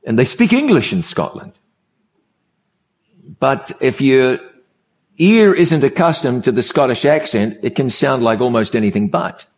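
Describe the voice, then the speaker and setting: Man, preacher, conversational sermon, repeats words for emphasis, measured pauses. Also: mid-range voice, lively intonation. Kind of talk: sermon with storytelling opening.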